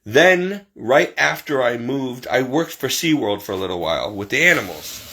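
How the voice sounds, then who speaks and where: A man from Connecticut telling a rambling, animated personal story, acting out what others said. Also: medium pitch, moderate pace, breathy edge. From Connecticut, USA. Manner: rambling, animated, acts out quotes. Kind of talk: personal anecdote monologue.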